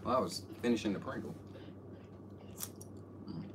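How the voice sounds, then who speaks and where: A man's voice: lowish voice, moderate pace, recorded from a distance, background noise. A man teasing and mocking his partner in a comedy skit. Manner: teasing, mocking, lively swings.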